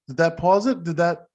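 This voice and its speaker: A man's voice: fairly high pitch, darkish tone, lo-fi sound. A man hosting a podcast in casual chat, rambling and self-deprecating, laughing often. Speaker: podcast host.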